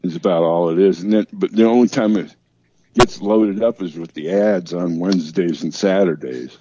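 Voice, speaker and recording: A man explaining things in a halting, plainspoken way, often restarting his sentences. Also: low-pitched, highs cut off, very noisy. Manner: halting, repeats himself, plainspoken.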